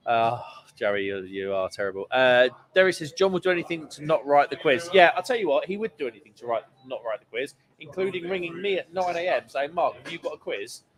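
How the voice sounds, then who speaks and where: A playful man with a slightly high voice reads out viewer comments and jokes around as he co-hosts a live pub stream. He chats casually and laughs easily. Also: expressive, a little fast, low-quality recording. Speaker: quiz host and co-host. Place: pub taproom.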